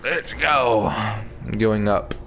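A man's voice: lowish voice, takes it slowly, a bit bright, slight background noise. A man doing casual, crude, joking commentary while playing a video game and talking back to it. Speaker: gamer. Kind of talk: casual let's play commentary.

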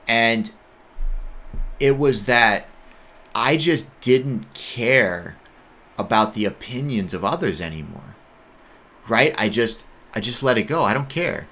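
A man's voice: mid-range voice, animated, slow, pauses often, pushed and bright. An American man in his thirties, a judo athlete, telling his own story in a candid, rambling way, full of "like" and "right?". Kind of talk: casual storytelling monologue.

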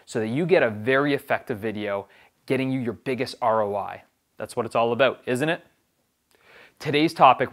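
Man, young adult, upbeat emphatic coach, mid-pitched voice, video tips talk. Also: fairly bright tone. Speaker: video production host.

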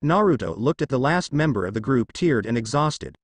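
A man narrating a fan fiction story aloud in a plain, steady reading voice with occasional misread words. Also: mid-range voice, fairly quick, no room sound, clean studio sound.

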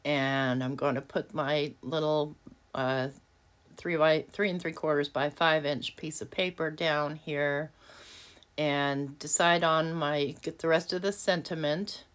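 A woman's voice: low-pitched, fairly even intonation, takes it slowly. A woman hosting a casual crafting tutorial at her home desk, chatty and self-deprecating, often laughing at herself. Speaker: craft video host.

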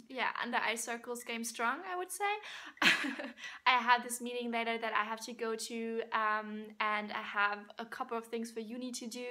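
A young woman chats casually to her vlog viewers in a bright, forceful voice, a little higher than most women. She giggles often between sentences and talks while she eats. She sounds tired after a sleepless night. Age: young adult. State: underslept and tired. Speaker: vlogger.

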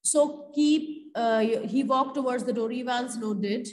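A woman's voice: fairly high pitch, slow, a little mellow, low-quality recording. A woman teacher with an Indian accent, reading a story aloud in class and stopping to explain it to her students. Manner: switches between reading aloud and explaining, calls students "beta". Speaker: school teacher.

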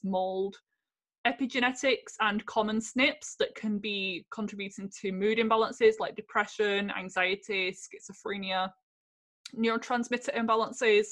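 A woman's voice: medium pitch, fairly bright tone. A woman hosting a health podcast, introducing the episode and guest in an upbeat, enthusiastic way. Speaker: podcast host. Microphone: podcast microphone.

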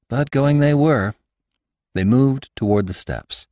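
A man's voice: medium pitch, slow pace, darkish tone, no echo, clean studio sound. A man narrating a classic short story as the host of an audiobook podcast, telling it expressively. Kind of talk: scripted narration.

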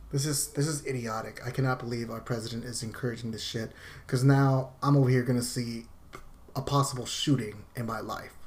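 A vlogger, ranting in an exasperated, profane way, swinging from loud outbursts to muttered asides and heavy sighs. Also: medium pitch. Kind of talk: ranting vlog.

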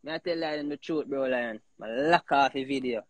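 A man with a Jamaican accent talking in patois in a rambling, animated casual chat, leaning on "you know" again and again. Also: medium pitch, fairly quick, dry recording.

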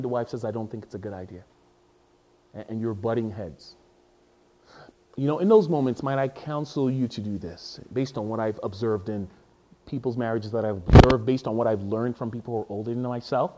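A man preaching a sermon as a pastor, animated and jokey, often stopping to repeat and restart his words. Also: mid-range voice.

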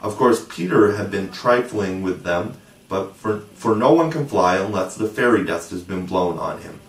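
Low-voiced man reading a storybook. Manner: expressive, measured storytelling. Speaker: audiobook narrator. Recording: roomy, distant mic.

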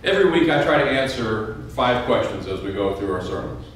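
A man preaching a sermon as a pastor, telling a joke story with a dry, wry humor and halting, repeated starts. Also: medium pitch, animated, a little hiss or hum. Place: church sanctuary. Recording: echoey church room from a distant mic with faint ambience.

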